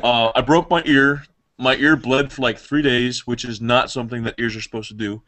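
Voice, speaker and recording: Podcast guy rambling through a crude story, swears a lot, middle pitch. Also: steady tone, normal speed, fairly bright tone. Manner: rambling, profane, laughs at own stories. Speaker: podcast host. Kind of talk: casual storytelling.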